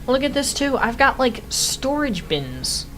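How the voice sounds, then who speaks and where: A woman's voice: sits high, big pitch swings, unhurried, a bit bright, faint music behind, low-quality recording. A young woman chatting casually over her gameplay, often laughing in amused disbelief at what she once built. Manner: laughs often, amused and incredulous at her own old build. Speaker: game streamer.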